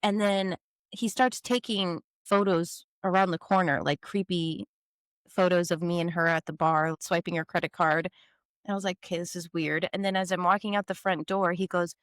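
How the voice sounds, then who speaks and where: A woman's voice: fairly low pitch, steady tone, moderate pace, no room sound, studio quality. A woman co-hosting a podcast, telling stories in casual chat and acting out the people she quotes. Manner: chatty storyteller, acts out quoted voices. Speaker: podcast co-host.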